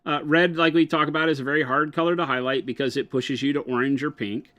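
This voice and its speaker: A man's voice: a little high, fast. Man teasing and explaining on a painting stream. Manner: teasing banter, then relaxed step-by-step explaining with fillers. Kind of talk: live stream chat and painting tutorial.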